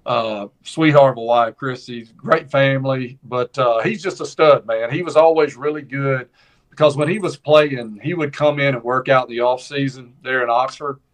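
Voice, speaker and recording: A man's voice: medium pitch, normal speed. A man with a Southern accent, a former college football player, telling stories in casual chat with folksy phrasing. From Mississippi. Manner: animated storyteller with folksy phrasing. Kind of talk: casual storytelling.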